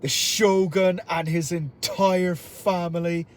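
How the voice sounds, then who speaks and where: A man putting on an Irish accent to play a menacing male arms dealer who speaks in slow, deliberate threats, inside a car. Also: sits high, fairly even intonation. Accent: Irish (put on). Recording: road noise in a car.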